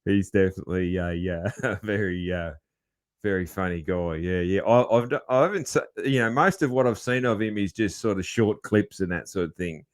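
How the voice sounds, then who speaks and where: A man's voice: low-pitched, a little fast. Laid-back man hosting a podcast. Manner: relaxed, laughs easily, many fillers. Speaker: podcast host. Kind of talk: casual interview chat.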